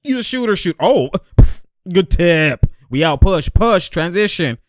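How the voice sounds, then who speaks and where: A young man giving excited, animated commentary over basketball highlights, laughing often and shouting at the plays. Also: measured pace, no echo, studio quality.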